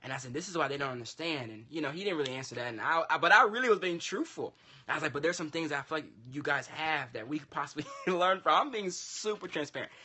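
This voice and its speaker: Animated man telling a story. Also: a little high, fast talker, breathy edge. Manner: animated, acts out quoted dialogue. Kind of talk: casual storytelling.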